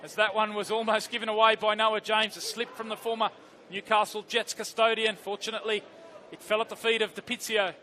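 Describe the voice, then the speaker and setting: Bright high-voiced male football commentator. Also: slight background noise. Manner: fast excited play-by-play, shouting at big moments. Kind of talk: live sports commentary. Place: outdoor football stadium commentary position.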